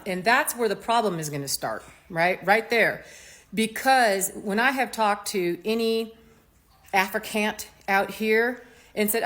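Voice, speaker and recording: A woman from the United States giving a casual opinion monologue as a commentator, animated and mocking, with slangy asides. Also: medium pitch, unhurried.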